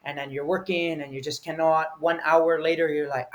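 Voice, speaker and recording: A man's voice: a little high, flat delivery, normal speed, hardly any pauses. A man teaching English vocabulary, explaining each word patiently and acting out short example feelings.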